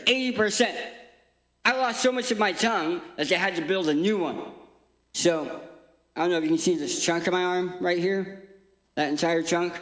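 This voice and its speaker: High-voiced man with a speech impediment. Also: fairly bright tone, echoey room. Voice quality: permanent speech impediment from tongue reconstruction. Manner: jokey, self-deprecating storytelling. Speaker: guest speaker. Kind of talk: humorous inspirational church talk. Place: church auditorium.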